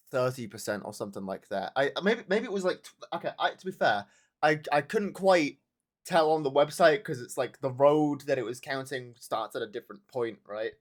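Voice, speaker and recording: A young man from Britain co-hosting a podcast, chatting casually and stopping and restarting his sentences often. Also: medium pitch. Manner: hesitant, many restarts and fillers. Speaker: podcast co-host. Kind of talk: casual chat.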